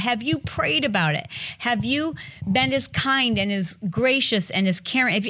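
A woman hosting a podcast, chatting casually with her husband and giving earnest advice on relationships. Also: medium pitch. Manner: animated, acts out both sides of stories. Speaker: podcast host.

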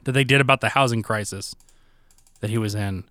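A man co-hosting a podcast, chatting in a relaxed, casual way and trailing off with fillers. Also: on the low side, fairly quick, dry recording, clean studio sound. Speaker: podcast co-host. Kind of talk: casual chat.

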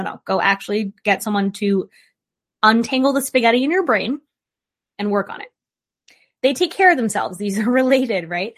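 A woman's voice: on the high side, animated, a little fast. Blunt, emphatic woman therapist. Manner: emphatic, direct, fires off rhetorical questions. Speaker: licensed therapist. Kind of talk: casual relationship advice monologue.

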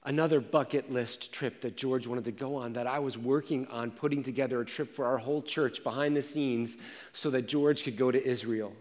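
Pastor preaching in a reverberant hall. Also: male voice, medium pitch, fairly even intonation, normal speed. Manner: personal storytelling with swings from quiet to intense. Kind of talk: sermon.

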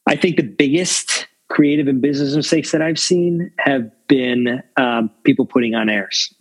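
A man's voice: medium pitch, normal speed, husky, low-quality recording. A man in his fifties, a longtime film crew veteran, giving candid, reflective interview answers full of fillers. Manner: reflective, rambling with many fillers.

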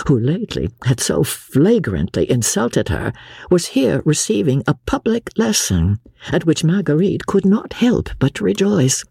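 A woman narrating a classic novel in an expressive, measured reading. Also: a bass voice, gravelly, husky, no echo, clean studio sound. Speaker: audiobook narrator.

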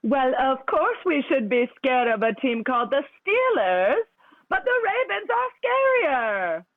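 A woman's voice: sits high, big pitch swings, measured pace, dry recording, voice pushed up, heavily acted. A woman doing an impression of a pompous theatrical lady, with a swooping up-and-down fake British lilt over a tinny phone line. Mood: haughty. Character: pompous theatrical middle-aged woman, grand and fussy.

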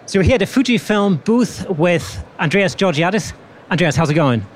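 Casting: male host, slightly high voice, light hall noise behind, upbeat trade-show interviewer. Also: animated, normal speed. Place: busy exhibition hall.

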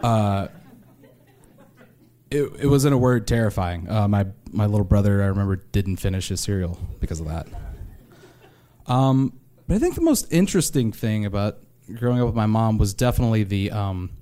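A young man from Arkansas, a stand-up comedian telling wry, self-deprecating stories with animated impressions. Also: on the low side, normal speed. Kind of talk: stand-up storytelling.

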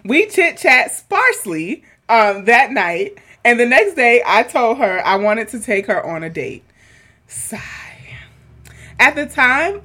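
A woman's voice: medium pitch, pushed and bright. A woman co-hosting a podcast, chatting casually and reading a listener's letter aloud with a lot of laughter. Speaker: podcast co-host.

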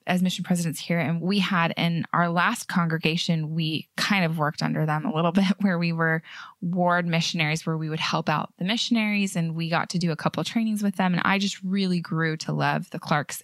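A woman hosting a podcast who talks earnestly and chattily, her voice sitting on the lower side. The sound is dry and close, with no room around it. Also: fairly bright tone, no room sound. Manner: earnest, chatty, with light laughs. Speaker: podcast host. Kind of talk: casual faith podcast chat.

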